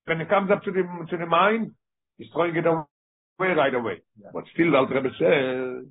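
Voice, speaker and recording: A man teaching a text study lesson. He reads passages aloud quickly and then explains them more slowly. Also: on the high side, husky. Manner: reads Hebrew quickly, then explains slowly in English with Yiddish-inflected terms. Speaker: Torah teacher. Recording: tinny phone-line audio.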